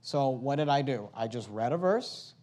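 A man teaching a method for sharing the gospel. He works through numbered steps, acts out sample conversations, and reads verses slowly to stress each word. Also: medium pitch, lively intonation, darkish tone. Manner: walks through steps and role-plays dialogue; slow emphatic verse reading. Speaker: evangelism trainer.

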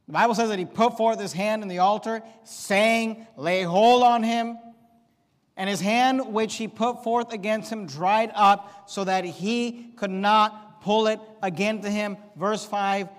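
A man preaching a sermon as pastor, emphatic, swinging from loud to low. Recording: long hall reverb.

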